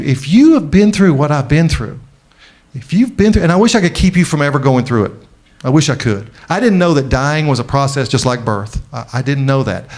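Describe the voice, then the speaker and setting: Man giving a heartfelt keynote. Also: fairly high pitch. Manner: storytelling, slows down and softens for emotional moments. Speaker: keynote speaker. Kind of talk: conference keynote speech. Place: large conference venue.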